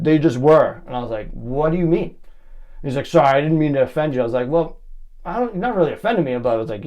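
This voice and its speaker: A young man hosts a solo podcast, rambling through casual stories with plenty of fillers and lots of "like." His voice is medium-pitched and a little mellow.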